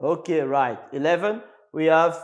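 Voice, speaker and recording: A man from the Congo teaching an English lesson on television, slowly repeating words for his class. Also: a little high, highs cut off. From Republic of the Congo. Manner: slow, repetitive, drilling words for the class.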